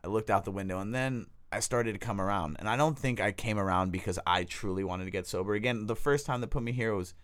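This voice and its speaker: A young man with a Bay Area accent tells a story in a casual, laid-back way. His voice sits low, and his talk is full of slang and easy laughter. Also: fast talker, few pauses, a bit bright. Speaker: guest, detox technician. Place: podcast studio.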